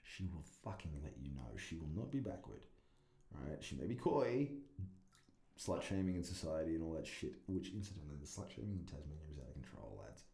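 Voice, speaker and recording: A man's voice: extremely low pitch, sing-song, a little fast, vocal fry, dark tone. A man, rambling and swearing through a casual solo podcast. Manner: rambling, profane, self-deprecating. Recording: echoey room.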